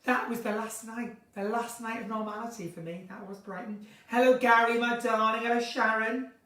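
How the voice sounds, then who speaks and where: A woman hosting a casual live chat from her kitchen at home, theatrical and chatty, swinging between bright exclamations and low asides. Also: steady tone, moderate pace. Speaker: live-stream host chatting with viewers. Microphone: phone or webcam in a live stream. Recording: roomy, distant from the mic.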